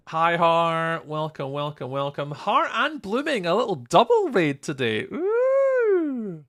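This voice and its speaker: Building in a game during a live stream, a man from Scotland chats with his viewers, calling out their names and frequently laughing. His voice sits on the high side, gravelly and a bit bright.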